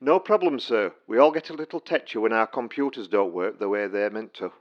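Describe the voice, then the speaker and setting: A man's voice: fairly low pitch, a little fast, dull audio. Patronizing help desk man. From Stocksbridge, England. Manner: polite, patronizing, dry. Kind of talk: comic sketch acting.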